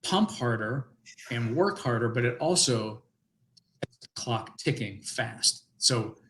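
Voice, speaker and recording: A man's voice: mid-range voice, lively intonation, slow, fairly bright tone, slight background noise, low-quality recording. Older man telling a long personal story. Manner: rambling with frequent restarts and acted-out quotes. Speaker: guest. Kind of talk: storytelling interview.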